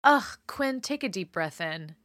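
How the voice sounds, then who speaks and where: A woman's voice: mid-range voice, animated, a little slow, fairly bright tone. A woman co-hosting a casual true-crime podcast, playfully setting scenes as she tells the story. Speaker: podcast co-host.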